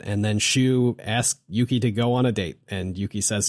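A man's voice: lowish voice, animated, fairly quick, hardly any pauses, darkish tone. A man co-hosting a podcast, casually recapping a game's story with wry asides and lots of fillers. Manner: laid-back, many fillers, wry asides. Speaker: podcast co-host. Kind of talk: casual chat recapping a game.

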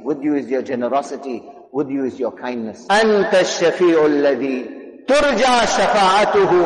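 A man preaching a sermon with fervour, moving between chanted Arabic recitation and soft, hushed English storytelling. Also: on the high side. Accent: South African. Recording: long hall reverb, crowd audible.

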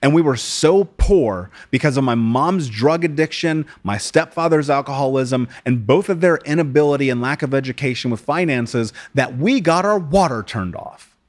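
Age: late 30s. Sex: man. Origin: United States. Role: podcast guest. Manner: blunt, profane, mid-pitched storytelling. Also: lively intonation, moderate pace. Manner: blunt and profane, calls people dude. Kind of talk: casual interview storytelling.

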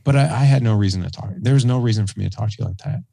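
Gravelly, dark-voiced earnest man. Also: fairly low pitch, dry recording. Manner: earnest, halting, self-correcting. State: choked up at times. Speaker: podcast guest. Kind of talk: emotional personal conversation.

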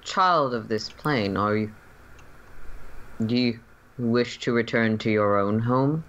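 A game master voicing a grave ancient fae spirit. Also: male voice, mid-range voice, a bit bright. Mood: solemn. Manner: slow, grave, formal pronouncements. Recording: muffled lo-fi recording.

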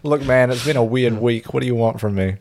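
A man's voice: medium pitch, steady tone, fast talker, a little mellow. A man co-hosting a podcast in casual chat, laughing easily, swearing and stammering when he reacts. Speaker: podcast co-host.

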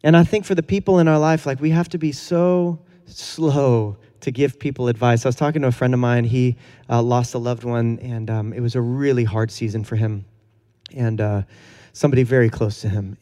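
A man's voice: mid-range voice, steady tone, moderate pace, warm tone, in a large hall. A man preaching a conversational sermon in a casual, earnest way, with fillers and chuckles. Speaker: pastor.

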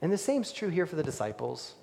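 A male pastor delivers a sermon with animated energy, rising to loud emphasis and dropping to near-whispers. His voice sits a little high, and it rings out in a hall with a long reverb tail. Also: brisk, creaky, a little hiss or hum.

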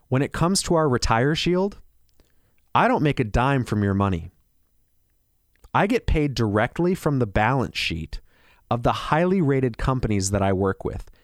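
A man working as a financial advisor, delivering a persuasive radio pitch full of rhetorical questions. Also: dry recording, clean studio sound.

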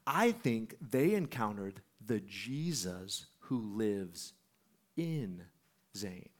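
A man's voice: fairly low pitch, extremely slow. A man preaching, telling a story with lots of laughter and acted-out voices. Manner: animated, laughing, acts out voices. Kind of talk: sermon storytelling.

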